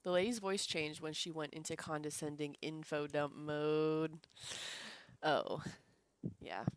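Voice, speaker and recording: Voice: mid-range voice, measured pace, smooth, dry recording. A streamer with a light Southern US accent, chatting casually with viewers and laughing often during gameplay.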